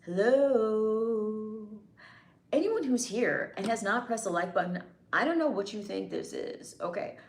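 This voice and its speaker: A woman's voice: medium pitch, lively intonation, measured pace. Teasing female streamer bantering with chat, roomy echo. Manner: playful, teasing, bantering with commenters. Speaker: livestream host reading chat. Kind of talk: casual live chat.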